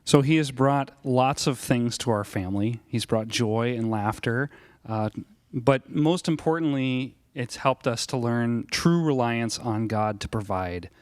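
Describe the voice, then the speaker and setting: A young father speaks in a relaxed, halting way, with fillers between his thoughts. His voice is at a middle pitch. The recording is close and dry. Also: clean tone, no echo. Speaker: father introducing his family. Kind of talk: casual family testimony.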